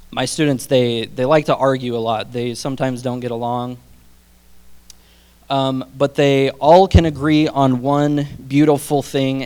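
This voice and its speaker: A man's voice: mid-range voice, a little mellow, clear, resonant tone. A young man doing a self-deprecating stand-up set on a theater stage, chuckling between jokes. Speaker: stand-up comedian. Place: theater stage before a live audience.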